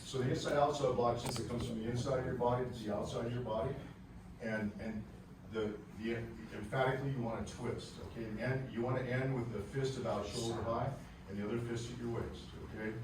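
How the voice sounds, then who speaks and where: A man with a Southern US accent leads a martial arts class, explaining calmly between loud barked counts. His voice is mid-pitched and sits far from the mic in a very echoey hall. A steady hum of room noise carries under everything. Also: fairly quick. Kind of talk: teaching a class, calling counts. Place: large echoey training hall.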